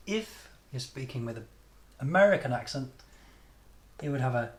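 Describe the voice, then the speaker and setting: A man with a British accent teaching English pronunciation, modelling sounds and stress patterns by repeating them deliberately. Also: medium pitch, animated. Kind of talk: pronunciation lesson.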